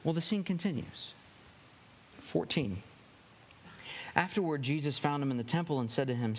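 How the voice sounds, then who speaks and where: Conversational preacher in a reverberant hall. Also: male voice, a little high, moderate pace, long pauses. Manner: conversational, animated, with wry asides. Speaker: pastor. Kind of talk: sermon.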